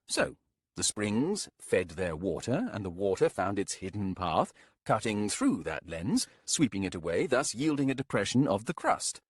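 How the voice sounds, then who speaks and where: A man's voice: fairly low pitch, sing-song, moderate pace, slightly rough, no room sound, studio quality. A man doing a stern, scornful skeptic. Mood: lecturing. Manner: lecturing, blunt, skeptical. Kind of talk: audiobook character voice.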